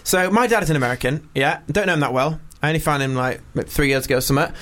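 A man co-hosting a casual chat, rambling and animated as he tells stories and acts out what people said. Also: a little high, very fast. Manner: rambling, animated storytelling with voiced quotes. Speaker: podcast co-host.

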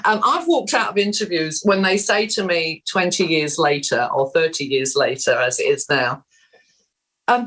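A woman from England in her fifties, a guest actress, telling blunt, lively, self-deprecating stories in a candid chat. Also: deep voice, moderate pace, breathy edge, rough recording.

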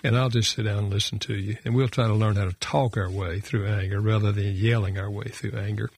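Older man with a gravelly voice. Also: on the low side, steady tone, fairly quick, no room sound. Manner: reflective, folksy, with many fillers. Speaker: guest author and counselor. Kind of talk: personal storytelling on a radio talk show.

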